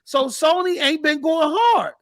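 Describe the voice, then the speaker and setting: Animated high-voiced man talking games. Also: no room sound, studio quality. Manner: animated, rapid, repeats words when excited. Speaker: podcast host. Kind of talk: casual gaming chat.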